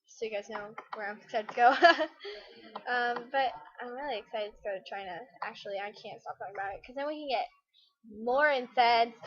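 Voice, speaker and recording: A woman's voice: fairly high pitch, fast, lo-fi sound. A woman chatting casually over her gameplay, rambling and poking fun at herself. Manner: rambling, chatty, self-deprecating. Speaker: let's play gamer.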